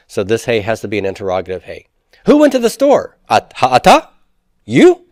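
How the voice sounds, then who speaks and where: A man's voice: lowish voice, no room sound, studio quality. A man teaching Hebrew grammar in a lecture, who poses rhetorical questions and then answers them himself. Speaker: Hebrew instructor. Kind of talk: classroom lecture.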